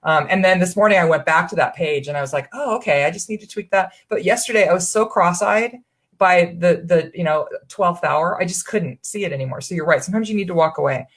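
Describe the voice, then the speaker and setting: A woman's voice: lowish voice, a little fast, slightly rough. A woman coaching her audience in a live webinar, talking in an earnest, chatty and encouraging way, often restarting her sentences. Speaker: online business coach.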